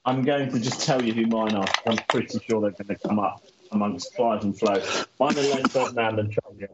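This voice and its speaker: A man hosting a casual football chat, briskly moving the discussion along. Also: fairly low pitch. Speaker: podcast host. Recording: dull lo-fi call audio with clear background noise.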